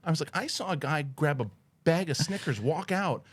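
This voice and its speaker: A man in casual chat, telling a story with lively impressions of the people in it. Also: fairly high pitch, normal speed, husky. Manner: animated storyteller, acts out yelling voices, laughs. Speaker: podcast co-host.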